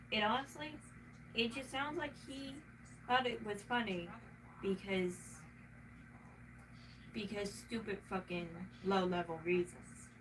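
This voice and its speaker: A woman with a Southern US accent chats casually, rambling from one thought to the next and swearing often. Her voice sits a little back from the microphone, and steady background noise runs under it. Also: medium pitch. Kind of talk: casual chat. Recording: noisy room, mic at a distance.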